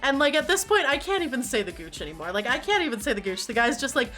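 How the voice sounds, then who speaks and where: A woman's voice: high-pitched, sing-song, fast, sharp tone, soft background music. A woman streamer chatting casually and animatedly, laughing often and swearing freely.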